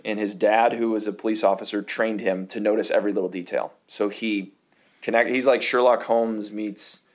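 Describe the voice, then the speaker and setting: A man co-hosting a podcast, rambling and correcting himself as he retells scenes from a show. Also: lowish voice. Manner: rambling, self-correcting storyteller. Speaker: podcast co-host. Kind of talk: casual chat.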